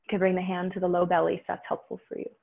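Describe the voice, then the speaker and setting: A woman teaching a guided yoga class, calmly cueing breaths and poses. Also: fairly low pitch, racing, gravelly. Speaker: yoga instructor. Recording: tinny phone-like audio.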